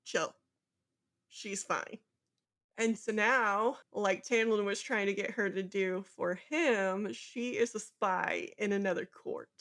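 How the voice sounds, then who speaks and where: A woman co-hosting a book podcast, recapping chapters in easy, casual chat. Her voice sits at an ordinary middle pitch. She keeps things moving, slipping into quick character voices as she tells the plot. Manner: animated retelling, acts out character lines. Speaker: podcast co-host.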